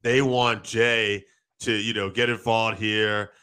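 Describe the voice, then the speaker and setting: A man co-hosting a casual wrestling talk show, excitedly recapping a match and swearing freely. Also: on the low side, smooth. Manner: excited, quick storytelling with acted quotes and profanity.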